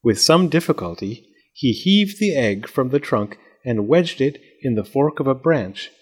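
A man reading a children's storybook aloud, narrating in an expressive, measured way. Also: medium pitch, slightly rough.

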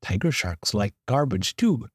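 A man's voice: mid-range voice, big pitch swings, unhurried, husky, no room sound, studio quality. A man voicing a young boy in a storybook who loves sharks, speaking in short, emphatic bursts.

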